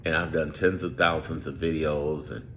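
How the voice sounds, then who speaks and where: A man's voice: a bass voice, little pitch movement, normal speed, a bit bright, slight background noise. A man giving off-script political commentary straight to his viewers, emphatic and repetitive, drawing out his words. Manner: emphatic, drawls, repeats phrases. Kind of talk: off-script direct-to-camera commentary.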